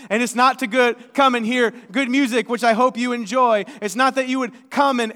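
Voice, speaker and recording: A male pastor preaching a sermon in a church, talking conversationally and moving between hushed and emphatic delivery. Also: very high voice. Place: church sanctuary. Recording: long reverb of a church sanctuary.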